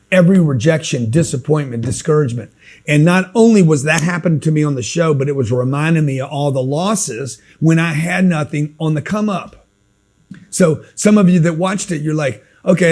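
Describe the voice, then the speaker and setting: A man's voice: a little high, darkish tone, slightly rough. A man giving a blunt, emphatic motivational talk in a street-style coaching manner. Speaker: motivational speaker.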